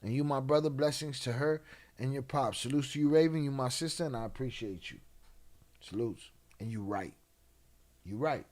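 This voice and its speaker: A man hosting a casual late-night livestream, laid-back and slang-heavy, reading chat and giving shout-outs. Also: medium pitch, moderate pace. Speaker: livestream host.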